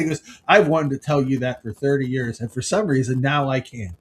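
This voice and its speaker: A middle-aged man co-hosting a podcast, chatting casually and telling family stories with quick impressions of the people in them. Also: medium pitch, fairly even intonation, a little hiss or hum, poor audio. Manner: storytelling, mimics his father's outbursts. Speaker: podcast co-host. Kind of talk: casual chat.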